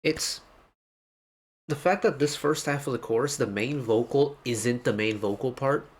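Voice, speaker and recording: A man's voice: medium pitch, measured pace, a little hiss or hum. A man hosting a music reaction video, giving an enthusiastic, detailed breakdown of a song in a casual way.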